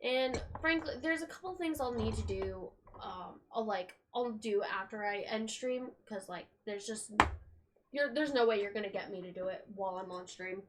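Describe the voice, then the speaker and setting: A woman's voice: mid-range voice, normal speed. A young woman streamer chatting casually and rambling while packing at home, swearing offhandedly. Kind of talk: casual live-stream chat. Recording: steady background noise.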